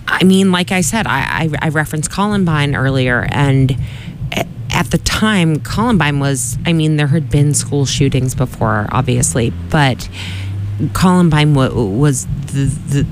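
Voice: mid-range voice, a little hiss or hum. A podcast co-host talking casually, chatty and often restarting sentences. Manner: chatty, with frequent restarts and laughter.

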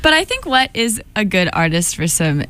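A young woman hosts a college radio show in an easy, chatty way. Her voice sits at a middle pitch, and her talk is loose and friendly, with laughter between songs. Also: very animated, normal speed, a bit bright, slight background noise. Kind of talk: casual radio chat.

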